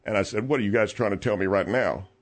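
A man's voice: lowish voice, fast talker, close to an everyday voice. A middle-aged man playing a petty, long-winded male concrete contractor who stammers and rambles on a radio comedy show. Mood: flustered. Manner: rambling, stammering, easily aggrieved. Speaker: guest host filling in on a radio show. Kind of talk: comedic radio call-in monologue.

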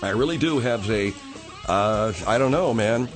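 A man's voice: mid-range voice, animated, measured pace, over music. A man hosting a radio talk show, bickering with his co-host and coughing from a tickle in his throat. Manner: exasperated, bickering.

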